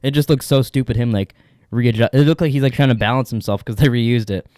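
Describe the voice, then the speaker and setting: A man's voice: mid-range voice, quick pace, a little mellow, no room sound, clean studio sound. A man co-hosting a podcast, rambling through a movie chat with laughs and swearing. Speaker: podcast co-host. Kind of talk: casual chat.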